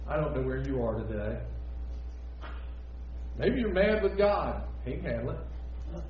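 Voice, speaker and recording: A male pastor delivering a sermon, shifting between loud emphatic preaching and quiet, intimate asides. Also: medium pitch, sing-song, measured pace, pauses often, highs cut off.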